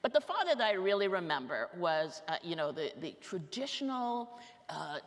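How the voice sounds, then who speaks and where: A woman around sixty telling comic stories on stage, fast, animated and self-mocking. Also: on the low side. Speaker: author giving a talk. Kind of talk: comic storytelling talk on stage. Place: large lecture hall. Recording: reverberant hall with faint noise.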